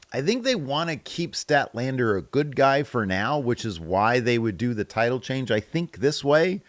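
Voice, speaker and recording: A man hosts a casual reaction podcast, reading out viewer comments and weighing in with opinions. His voice swings widely in pitch, and the recording is dry, with no room sound. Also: sing-song, moderate pace, hardly any pauses, dry recording. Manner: chatty, opinionated, laughs at own jokes. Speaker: podcast host.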